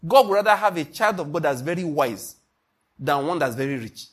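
A pastor preaching an emphatic sermon, often asking the congregation if they follow. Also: male voice, fairly high pitch, lively intonation, brisk, a bit bright.

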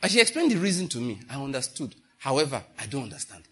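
Male preacher, animated storyteller, husky edge, bright tone. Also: mid-range voice, fast. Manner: animated, storytelling with laughter and acted-out quotes. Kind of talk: sermon.

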